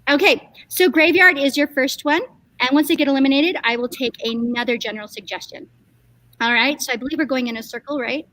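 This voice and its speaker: High-voiced woman hosting, dry close sound. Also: a little fast, bright, forceful tone, no echo. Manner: chatty, upbeat, hesitant fillers. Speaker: improv show host. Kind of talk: casual live hosting over video call.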